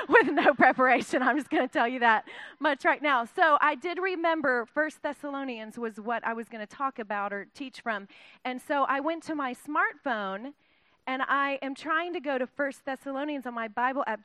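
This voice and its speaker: A woman's voice: a little high, fairly bright tone, no room sound. A middle-aged woman giving an informal, self-deprecating sermon, laughing often. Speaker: guest speaker filling in at church.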